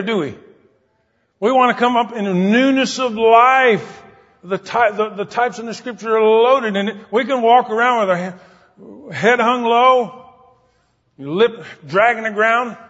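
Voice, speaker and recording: This preacher has a very high-pitched, somewhat bright voice and a measured pace. He addresses the congregation in a conversational way that turns emphatic, often questioning the listeners, captured in a dull lo-fi recording with lengthy hall reverb.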